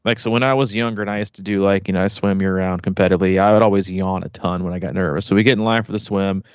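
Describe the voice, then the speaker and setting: A man's voice: low-pitched, fairly even intonation, very fast, smooth, no room sound. Guy in his 30s rambling through a story on his podcast, lots of "like" and "you know", kinda muffled and dry. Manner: rambling, full of "like" and "you know", self-restarting. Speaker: triathlon podcast host. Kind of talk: casual storytelling chat. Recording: slightly muffled, dry sound.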